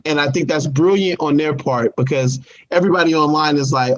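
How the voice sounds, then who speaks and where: A man's voice: a little high, normal speed, few pauses, lo-fi sound. A man co-hosting a casual review show who talks in an emphatic, slangy way. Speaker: podcast co-host.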